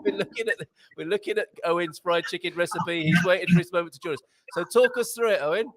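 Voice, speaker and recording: A man's voice: high-pitched, fast talker, heavy background noise. An English man hosting a live chat show, joking and laughing often. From England. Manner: jokey, animated, laughs often. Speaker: host.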